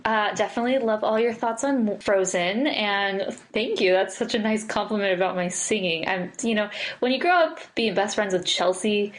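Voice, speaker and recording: Upbeat woman co-host, relaxed conversational podcast read. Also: medium pitch, normal speed, few pauses. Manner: chatty, upbeat, laughs easily. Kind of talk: casual podcast chat, reading listener mail.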